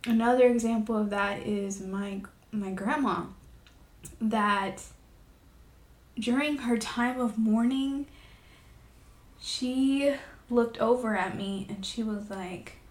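Emotional young woman in an echoey room. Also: fairly high pitch. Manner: emotional, halting, with many fillers. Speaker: podcast host. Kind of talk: personal confessional talk.

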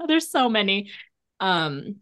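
A woman's voice: mid-range voice, big pitch swings, very slow, a bit bright. A woman hosting a podcast, talking in a rambling, casual way with lots of fillers and restarts. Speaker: podcast host. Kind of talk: casual conversational interview.

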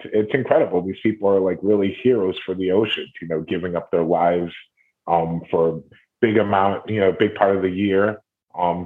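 A middle-aged man from Ohio, a documentary series host, telling stories in a rambling, animated way. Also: deep voice. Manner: rambling, animated retelling with acted quotes. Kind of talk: casual interview conversation. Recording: tinny phone-like audio.

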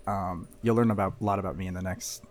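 A man's voice: low voice, steady tone, fast, slight background noise. A young man from Missouri talks as a podcast guest. He chats casually, stopping and restarting often and leaning on filler words. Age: young adult. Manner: hesitant, many fillers and restarts. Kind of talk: casual chat.

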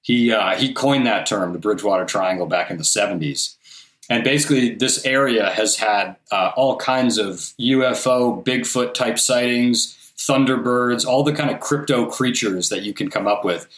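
A man's voice: medium pitch, normal speed, fairly bright tone. A man telling stories casually in an interview, rambling with restarts and fillers. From southeastern Massachusetts. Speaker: guest, documentary filmmaker and collector. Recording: roomy echo.

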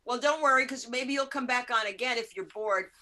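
A woman hosting a chat show over a video call, with a bright, forceful voice pitched a little high. She gushes and talks animatedly. She drops curse words freely. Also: a little fast. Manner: gushing, animated and profane. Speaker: host. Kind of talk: casual chat.

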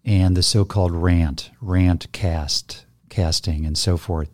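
A middle-aged man with a fairly low voice tells a joke in casual conversation. He talks with lots of fillers and breaks into laughter often. The sound is dry and close. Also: steady tone, takes it slowly, dry recording. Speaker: podcast co-host telling a joke.

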